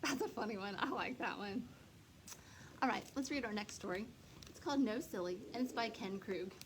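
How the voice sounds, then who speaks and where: A woman librarian reading a picture book aloud to young children, slowly and expressively. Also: medium pitch, background noise. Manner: slow, lively, expressive, speaks to children. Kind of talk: storytime read-aloud.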